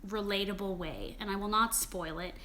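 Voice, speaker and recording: A woman's voice: medium pitch, normal speed, pushed and bright, a little hiss or hum. A young woman hosting a live-stream Q&A about her cookbook, talking casually, with lots of "like" and frequent swearing. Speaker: cookbook author and vegan food channel host.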